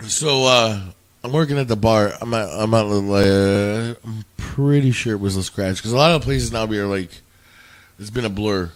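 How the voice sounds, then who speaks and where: A man, a former bouncer and podcast guest, telling a story in an animated, profane way. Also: lowish voice, moderate pace. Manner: animated, swears a lot. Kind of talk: casual storytelling. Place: indoors, home.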